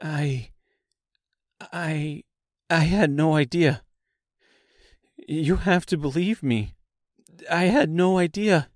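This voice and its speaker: A man's voice: on the high side, slow pace, long pauses, darkish tone, dry recording, clean studio sound, voice pushed up. A man putting on a frightened, stammering young woman. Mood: panicked stammer. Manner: stammering, repeating words.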